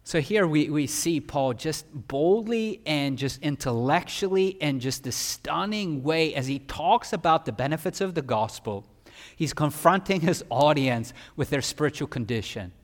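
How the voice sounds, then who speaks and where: Male pastor, emphatic sermon delivery, slightly high voice, long church reverb. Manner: emphatic, swings from loud peaks to quiet.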